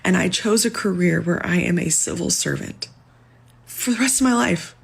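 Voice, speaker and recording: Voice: medium pitch, normal speed, vocal fry, husky. A young adult borrower giving a distressed, pleading personal account, close to tears. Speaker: student loan borrower. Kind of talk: emotional personal testimony.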